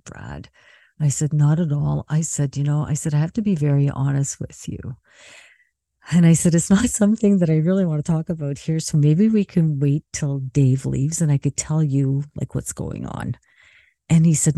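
A woman with a very dark, mellow voice, casually telling a personal story as a psychic medium. She talks in a chatty, animated way, acts out the back-and-forth of conversations and drops in plenty of "like" fillers. The recording is close and dry, with no room sound. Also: low-pitched, no echo. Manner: chatty, animated retelling that acts out quoted dialogue; frequent "like" fillers and small laughs.

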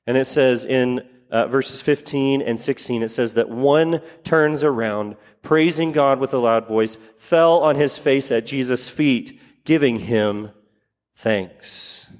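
A man's voice: medium pitch, takes it slowly, big-room sound. A man preaching a sermon, repeating key phrases for emphasis and putting questions to his congregation. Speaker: pastor.

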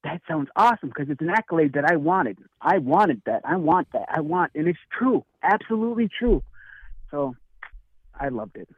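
A man and author telling a story in casual chat, acting out the lines of the people in it with lively energy. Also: a little high, moderate pace, husky, no echo, phone-quality sound. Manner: animated, acts out dialogue in story. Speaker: guest speaker and author.

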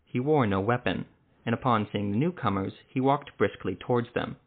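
Guy reading a fantasy story, steady, mid voice, sounds like over a phone. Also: medium pitch, normal speed, narrow, tinny audio. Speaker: narrator. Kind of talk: story narration.

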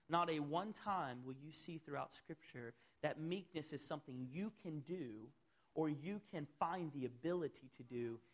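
Guy preaching in church, big swings up loud then drops way quiet. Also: a little high. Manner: animated preaching, rising then dropping to soft asides. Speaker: pastor. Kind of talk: sermon.

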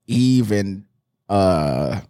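A man's voice: fairly low pitch, lively intonation, drawn-out words, dark tone. A man from the Midwest hosting a podcast, laid-back and joking, swearing freely in casual chat. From Midwest of the United States. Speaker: podcast host.

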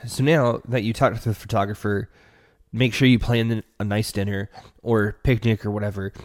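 A man's voice: fairly low pitch, steady tone, moderate pace, a little mellow, no echo, clean studio sound. A man hosting a relationship podcast, giving earnest, casual advice straight to the listener.

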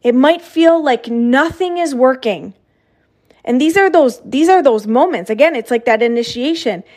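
A woman's voice: high voice, animated, normal speed, a little mellow. A woman in her thirties giving an earnest, emphatic motivational talk as a coach, often repeating herself for emphasis.

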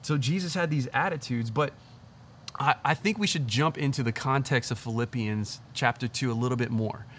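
A young man, a pastor, giving a casual, conversational sermon in an animated, chatty way, often saying "like" and "literally.". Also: mid-range voice, normal speed, a little hiss or hum.

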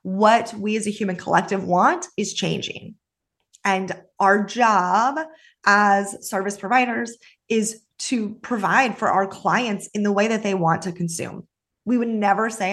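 Upbeat woman chatting on her podcast, normal pitch, talks fast then slow. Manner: upbeat, chatty, with quick asides. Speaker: podcast host and social media coach. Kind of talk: casual solo podcast talk.

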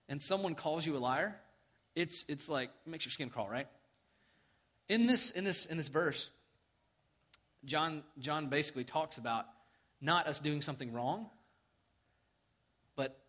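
A middle-aged man preaching in a church sanctuary, telling a story with lively acted-out quotes and frequent chuckles. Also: a little high, breathy edge. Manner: animated, acts out quotes, chuckles often. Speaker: pastor. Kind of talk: sermon with storytelling.

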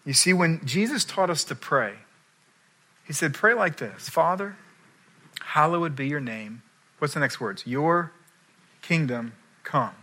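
Bright-voiced man preaching a sermon. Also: a little high, measured pace, long pauses. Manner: animated storytelling, acts out quoted voices. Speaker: pastor.

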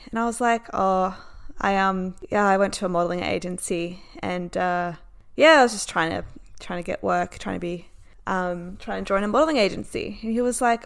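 A woman's voice: mid-range voice, moderate pace. A young woman from Australia telling a personal story in a casual vlog, acting out the lines of the people in it. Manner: animated, acts out other people's lines. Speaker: vlogger.

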